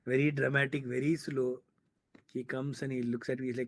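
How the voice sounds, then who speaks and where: Animated man telling a story. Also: medium pitch, brisk. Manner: animated storyteller, acts out quoted dialogue. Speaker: filmmaker guest. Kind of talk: casual storytelling interview.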